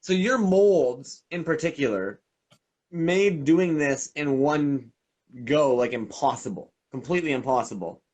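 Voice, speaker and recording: A man's voice: on the high side, a little slow, darkish tone. A man hosting a casual live Q&A who talks enthusiastically and at length, wandering from point to point. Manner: enthusiastic, talkative, meandering. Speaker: host.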